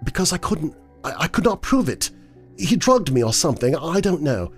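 Guy doing a shaky tearful young woman, bitter, voice pushed up higher. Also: sing-song, normal speed, soft background music. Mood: distraught. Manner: tearful, quivering delivery.

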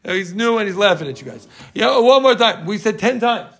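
A high-pitched man with a gravelly edge to his voice teaches a Talmud class. He talks in an animated, emphatic way, repeating key points over and over and ribbing his students. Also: fairly quick.

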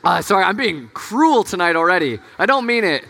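Guy pastor talking to college kids, kinda high voice, super chatty and jokey, lots of "like", big echoey hall. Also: sing-song, fairly quick, creaky, sharp tone. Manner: chatty and self-mocking, laughs often, lots of fillers. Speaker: campus ministry pastor. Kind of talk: casual, joking sermon to students. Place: large hall with an audience. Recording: long hall reverb.

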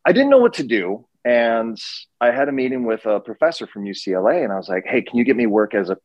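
A man in his forties from Minnesota, telling his career story as an interview guest with lively, self-deprecating energy. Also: mid-range voice, fast talker, no echo, dull audio. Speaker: guest, actor and session director.

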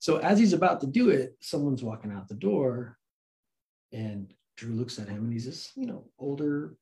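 A man guest telling a casual anecdote, animated and acting out what people said. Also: mid-range voice, normal speed, creaky. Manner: animated storyteller who acts out quotes.

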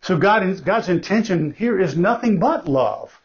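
A man's voice: high-pitched, animated, measured pace, gravelly. Man, pastor, sermon, emphatic, repeats phrases, chatty asides, muffled lo-fi sound. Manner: conversational, with asides and self-corrections. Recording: dull lo-fi recording.

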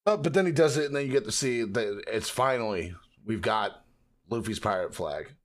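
Casual podcast guy, animated, salty, slips into quick character voices while recapping. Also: on the low side. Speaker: podcast co-host. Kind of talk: casual chat.

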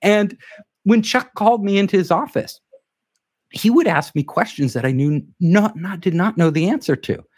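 A man telling an anecdote in a casual interview, animated and acting out the quoted dialogue. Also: high voice, moderate pace, breathy edge. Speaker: guest telling a career story.

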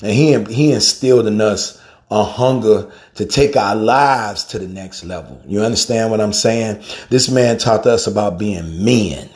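Speaking a little slowly in a lowish voice, a middle-aged man serves as a guest speaker for a heartfelt tribute. Casual and slangy, he refers to the listener as family and man. He's animated when telling stories, softening as grief comes through.

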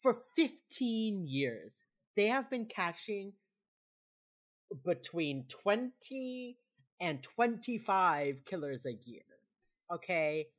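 Animated woman recapping a show. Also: medium pitch, slow pace, pauses often. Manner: animated, acts out characters' lines, swears freely. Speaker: podcast co-host. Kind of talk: casual chat recapping a TV episode.

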